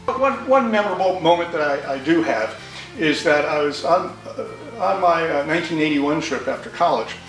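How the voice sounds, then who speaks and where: An older man from New York, interviewed as a motorcycle owner, tells rambling, folksy stories about his bike and keeps restarting his sentences. His voice sits on the high side and is a bit bright, with lively intonation at a moderate pace. The rough recording has an echoey room, a distant mic and faint music in the background.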